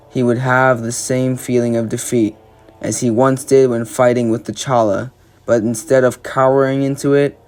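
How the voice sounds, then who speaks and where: Man narrating a superhero fan story. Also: medium pitch. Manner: steady play-by-play storytelling.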